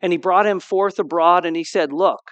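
A male pastor with a fairly high voice delivers an animated sermon, reading scripture and acting out the dialogue. The sound is close and dry, with almost no room echo. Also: normal speed, lo-fi sound. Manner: animated, acts out quoted dialogue; asks the congregation for responses.

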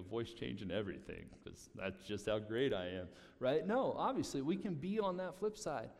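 A man's voice: medium pitch, normal speed, hardly any pauses. A man preaching a sermon, talking casually and animatedly, often repeating himself. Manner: conversational, animated preaching with repetitions. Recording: long hall reverb.

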